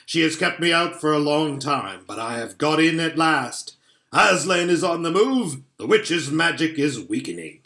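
A man's voice: fairly high pitch, animated, normal speed, vocal fry, sharp tone, reverberant, heavily acted. A man reading a storybook aloud and voicing a huge, glad and solemn old Father Christmas who speaks in grand proclamations. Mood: proclaiming. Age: older. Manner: proclaiming, commanding.

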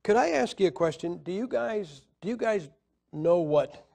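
A man's voice: sits high, animated, normal speed, gravelly, dark tone. A man teaching a Bible class in a lecture style, asking his listeners questions and counting out syllables for emphasis. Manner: emphatic, asks the audience questions.

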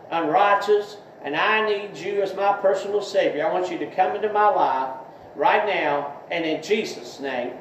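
A man, preaching an online sermon and altar call with fervent, rising repetitions. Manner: fervent preaching, rising in pitch on repeated phrases. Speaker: pastor. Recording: distant roomy lo-fi recording with faint hiss.

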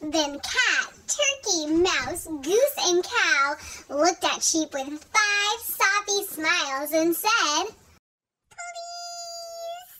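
Animated woman reading a children's story. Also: very high voice, slow, hardly any pauses, background noise. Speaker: storybook reader. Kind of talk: read-along story narration.

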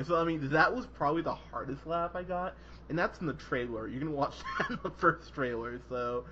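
On a podcast, a man reviews a film in loose, foul-mouthed chatter, laughing as he acts out scenes in lively character voices. His voice sits fairly high and moves fairly quickly. Background noise runs under the dull, lo-fi sound.

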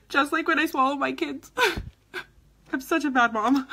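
A woman's voice: high voice, unhurried, sharp tone. A woman who is a mother, vlogging live in a casual, dramatic way with squeals, laughter and cursing. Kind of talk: casual livestream chat.

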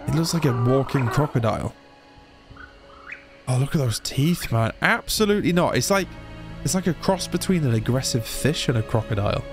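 An excitable young man talks through his video game playthrough, yelping and joking as things happen on screen. His pitch sits in a middle range, and steady game music plays behind him. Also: normal speed. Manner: excitable, chatty, exclamatory. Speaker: gaming YouTuber. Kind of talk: let's play commentary.

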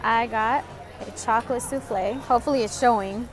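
Chatty, giggly mom over background music. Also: female voice, fairly high pitch, moderate pace, low-quality recording. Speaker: vlogger and mother. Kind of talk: casual vlog chat. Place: restaurant, then a mall coffee shop.

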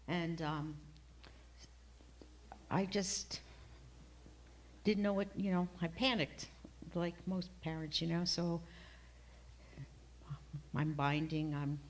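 A middle-aged woman sharing an emotional personal testimony in a church class, rambling and halting, with many fillers and restarts. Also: sits low, darkish tone, slight background noise. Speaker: class member giving a testimony.

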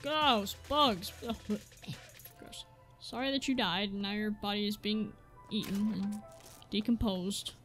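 A woman's voice: medium pitch, slow pace, fairly bright tone. A woman playing a video game, chatting and joking at the characters on screen as she plays. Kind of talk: casual let's-play commentary. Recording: game music behind voice.

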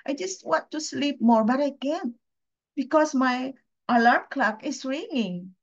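A woman's voice: sits high, expressive, measured pace. A woman from the Philippines giving an emotional personal testimony as a guest speaker at a training session, earnest and confiding, often putting questions to her listeners. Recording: dull lo-fi sound.

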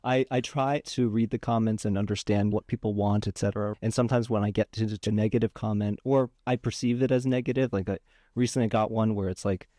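Young guy guesting on a podcast, warm mellow voice, earnest, laughs a lot, dry close mic. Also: fairly low pitch, steady tone, brisk, no echo. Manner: earnest, laughs easily, restarts often. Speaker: guest, physical therapist and acupuncturist. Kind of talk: casual interview chat.

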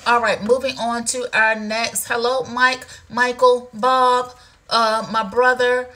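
A woman's voice: fairly high pitch, little pitch movement, slow. Chatty woman hosting a live sale. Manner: playful, teasing, chatty with viewers. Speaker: livestream shopping host. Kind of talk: casual live sales chat. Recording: loud music underneath.

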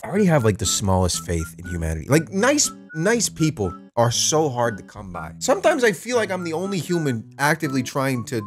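Male streamer, reaction commentary, sarcastic, very expressive pitch. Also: brisk, hardly any pauses, faint music behind. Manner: animated, sarcastic, swearing freely.

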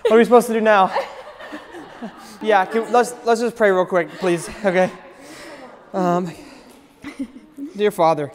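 A young man, a groom, crying and laughing as he speaks and prays haltingly. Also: high-pitched, steady tone. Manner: tearful, laughing through tears, halting. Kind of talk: emotional wedding first-look talk and prayer.

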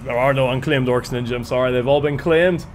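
A man commentating a live game stream with excitable energy and a slightly strained voice, thanking viewers as he goes. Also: mid-range voice, fairly quick, slight background noise.

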